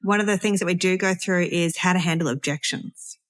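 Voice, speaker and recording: A woman, a podcast guest who coaches beauty businesses and talks in a lively way. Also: on the low side, brisk. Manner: lively, acts out client exchanges. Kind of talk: casual chat.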